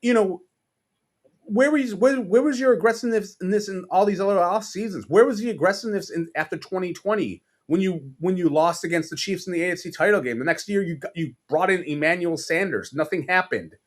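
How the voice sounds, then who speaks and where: A man's voice: high voice, fairly quick. A man with a New York accent, co-hosting a sports podcast and ranting in a profane, exasperated way with mocking impressions. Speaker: podcast co-host. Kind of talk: casual sports podcast rant.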